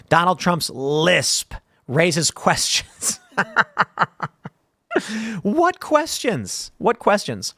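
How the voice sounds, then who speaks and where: A man's voice: on the high side, fairly bright tone, no echo. A man hosting a commentary show, talking in a rambling, jokey way with lots of asides, from a studio room. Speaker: host.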